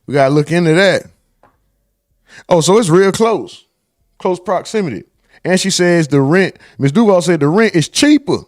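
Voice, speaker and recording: A man's voice: sits high, expressive, moderate pace, long pauses, dry recording, clean studio sound. A man hosting a casual livestream, reading chat messages aloud and bantering in loose, profane talk.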